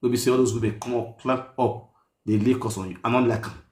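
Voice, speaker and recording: A man with a Nigerian accent hosting a live stream, talking gently to a woman on speakerphone and repeating himself to calm her. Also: medium pitch, fast, reverberant.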